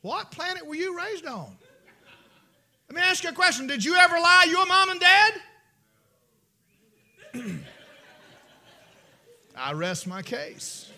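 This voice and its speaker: Preacher, high and very bright, folksy, shouts then hushes. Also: male voice, sing-song, measured pace, pauses often. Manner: folksy storytelling, swings from shouting to whispers. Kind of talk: sermon.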